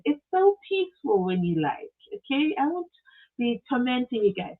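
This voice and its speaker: A woman's voice: high voice, normal speed. Chatty woman streamer with tinny audio. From South Africa. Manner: chatty, animated, reads comments aloud, exclaims often. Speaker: live stream host. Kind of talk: casual live stream chat.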